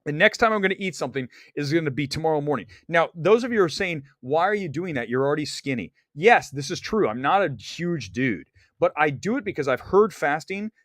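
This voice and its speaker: Guy ranting on his live stream, kinda high voice, blunt, dry close mic. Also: animated, fairly quick, hardly any pauses, a bit bright, dry recording. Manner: blunt, opinionated, rambling with restarts. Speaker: livestream host. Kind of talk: animated live-stream chat.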